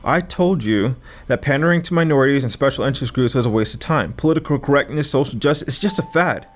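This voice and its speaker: A man's voice: medium pitch, quick pace, slight background noise, close to an everyday voice. A man voicing a cold, arrogant woman conspirator with a clipped, dismissive way of talking in an audiobook. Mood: scornful. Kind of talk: audiobook character voice.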